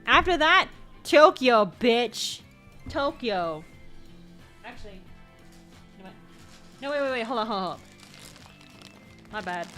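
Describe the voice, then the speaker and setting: A chatty woman with a mid-range voice talks through a shopping haul in a loose, rambling way. She often stops to correct herself and drops the occasional curse. Soft music plays faintly behind her. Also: mid-range voice, animated, normal speed, long pauses. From United States. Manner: rambling, chatty, self-correcting, casual swearing. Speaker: VTuber vlogger. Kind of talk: casual show-and-tell chat.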